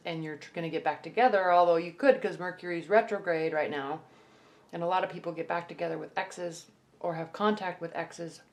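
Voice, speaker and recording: A woman giving a casual tarot forecast to camera. She talks in a loose, reassuring way, restarts often and keeps checking in with "okay?" and "right?". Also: lowish voice. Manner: loose and chatty, with frequent restarts. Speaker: tarot reader.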